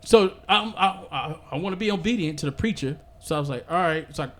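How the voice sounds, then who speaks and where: Male podcast host, high and very expressive, laughing storyteller, noisy room. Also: fast. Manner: animated storyteller, laughs often, stammers and restarts. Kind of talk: casual storytelling chat.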